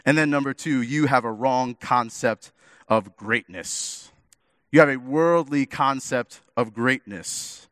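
A man preaching a sermon in an animated way, acting out little dialogues with big swings in pitch and loudness. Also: slow pace, no echo, studio quality. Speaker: pastor.

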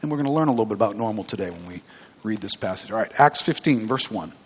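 A man's voice: fairly low pitch, animated, fast, slightly rough. A man preaching a conversational sermon in a church, putting questions to the congregation. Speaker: pastor. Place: church sanctuary. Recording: long hall reverb.

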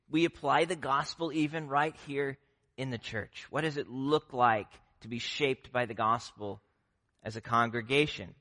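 Bright-voiced man preaching a sermon. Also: fairly high pitch. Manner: earnest, conversational preaching with fillers and restarts. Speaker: pastor.

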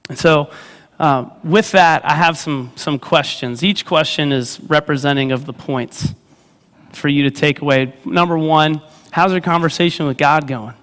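A man in his thirties delivers a relaxed, conversational sermon. His voice sits a little higher than most men's, and he slips into playful character voices while telling stories. A long reverb trails behind him, as in a large church hall. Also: unhurried. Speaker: youth ministry leader preaching. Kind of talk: sermon with storytelling.

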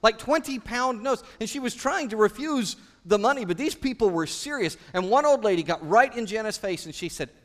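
A man's voice: high-pitched, lively intonation, fairly quick, few pauses, a bit bright. A man preaching a sermon in a church, asking his congregation one question after another. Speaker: pastor.

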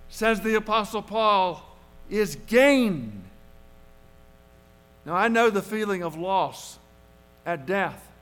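High-voiced pastor preaching slowly. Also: male voice, pushed and bright, smooth. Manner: earnest, measured preaching with emphatic repetitions. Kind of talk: sermon.

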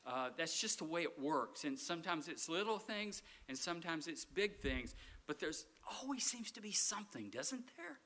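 A middle-aged man preaches in a relaxed, conversational way, his voice bright and a touch high. He swings between ringing emphasis and hushed, nearly whispered lines. Now and then he drops in wry, self-deprecating asides. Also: moderate pace. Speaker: guest pastor. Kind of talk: sermon.

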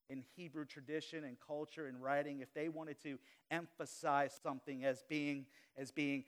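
A man from Louisiana preaching a live sermon as pastor to a congregation in a church, with dynamic swings between loud emphasis and quiet asides, and humorous confessional remarks. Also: a little high. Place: church sanctuary before a congregation.

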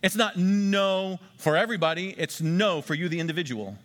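A man preaching a sermon as pastor, emphatic and repeating key phrases slowly for the congregation. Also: high-pitched, fairly bright tone. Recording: long hall reverb.

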